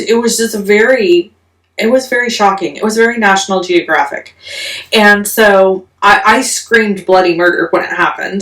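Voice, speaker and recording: Lively woman telling a story in an echoey room. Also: mid-range voice, far from the mic. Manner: animated, self-mocking, restarts often. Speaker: crafting vlogger. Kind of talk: casual storytelling.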